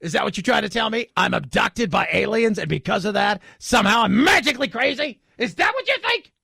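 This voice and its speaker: A man putting on a defensive, ranting conspiracy talk host in a low, gravelly voice. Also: sing-song, brisk, pushed and bright, dry recording, studio quality, heavily acted.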